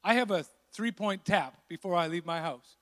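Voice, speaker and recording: A pastor preaching a sermon, animated, acting out the voices of the people in his story. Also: high voice, normal speed. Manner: animated, acts out voices of the disciples. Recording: long hall reverb.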